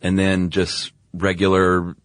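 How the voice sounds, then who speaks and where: A man co-hosting a casual podcast chat, eager and chatty, quick to laugh. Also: low-pitched, completely flat delivery, no echo, clean studio sound. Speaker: podcast co-host.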